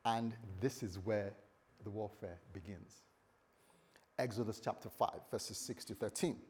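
A male pastor preaching a sermon in a church, animated and lightly teasing his congregation. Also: fairly low pitch, measured pace, husky.

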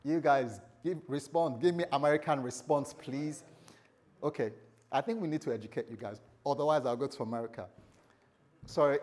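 A male pastor preaching a sermon in a church, animated and lightly teasing his congregation. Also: medium pitch.

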